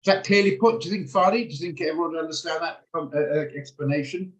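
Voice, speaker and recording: A man teaching a live online trading lesson over a video call. He talks quickly and walks through each step hands-on. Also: fairly high pitch. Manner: fast, hands-on step-by-step explaining. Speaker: trading instructor. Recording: echoey room sound.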